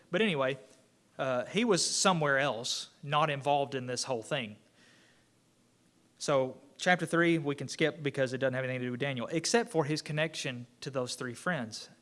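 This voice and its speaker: A man's voice: on the high side, a bit bright. A man teaching an informal church Bible class, talking conversationally with fillers and asides.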